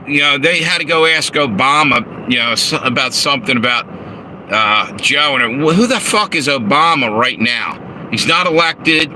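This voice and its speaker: A man's voice: medium pitch, animated, moderate pace, bright, forceful tone. A man rambling and swearing on a casual livestream from his phone in a parked car, reading out chat messages and chuckling at his own asides. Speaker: live streamer. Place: inside a parked car with air conditioning running. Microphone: handheld phone. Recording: noisy phone audio in a car. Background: car engine and air conditioner hum.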